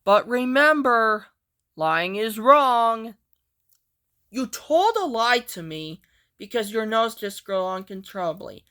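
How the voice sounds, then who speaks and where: An earnest little cartoon elephant, put on by a woman, rambling along in a high, bright voice. He talks slowly, his pitch swooping up and down in a sing-song way. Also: very animated, full character voice. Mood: lecturing. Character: young male baby elephant, earnest and chatty. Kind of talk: amateur character voice play.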